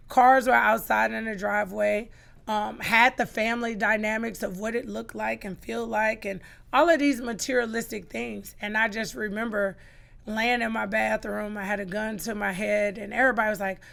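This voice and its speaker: A woman's voice: on the high side, flat delivery, normal speed, creaky, a bit bright. A middle-aged woman, a podcast guest, giving an emphatic personal testimony and acting out the lines she quotes.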